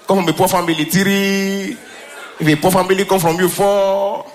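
Male stand-up comic with a Nigerian accent: high, bright, animated delivery, with faint live ambience behind. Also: normal speed, a little hiss or hum. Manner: animated, mixes Pidgin with English, laughs often. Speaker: stand-up comedian. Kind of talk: stand-up comedy special. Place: stage before live audience.

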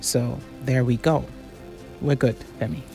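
A woman's voice: rumbling low, fairly even intonation, unhurried, vocal fry, mellow, soft background music. Woman coaching pronunciation. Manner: corrective, pronunciation-focused. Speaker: diction and public speaking coach. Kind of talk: spoken feedback on a debate.

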